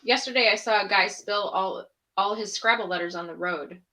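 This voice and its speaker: A woman co-host reads jokes from the chat in a bright, crisp voice at a middle pitch. Her delivery is straight and matter-of-fact. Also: moderate pace. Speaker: co-host reading viewer jokes. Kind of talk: reading jokes aloud from chat.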